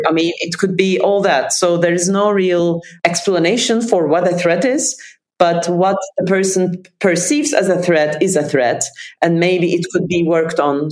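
A woman therapist explaining nervous system ideas in a thoughtful, explanatory way, often pausing to rephrase. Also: lowish voice. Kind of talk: casual conversation.

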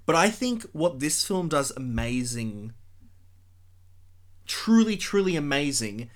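Guy on a film podcast, rambly and animated, keeps painting little scenes, swears a bit. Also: mid-range voice, a little slow. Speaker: podcast co-host reviewing films. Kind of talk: casual film review chat.

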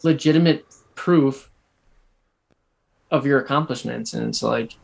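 Young man in animated hockey chat. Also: mid-range voice, unhurried, vocal fry. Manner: animated, restarts a lot, emphatic. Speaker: podcast co-host. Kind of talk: casual sports chat.

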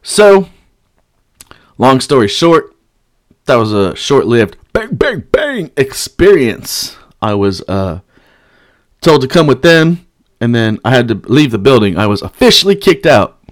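A young man telling a rowdy story in casual, profane speech, breaking into loud chants and shouts. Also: medium pitch, sing-song, unhurried, pauses often, no room sound, studio quality.

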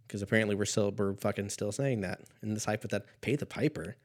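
A man's voice: on the low side, fast talker, hardly any pauses. A man in his thirties, a little stoned, hosting a show in a meandering, profane comedic monologue that drifts from topic to topic. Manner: profane, meandering, laughs at own jokes. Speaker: podcast host.

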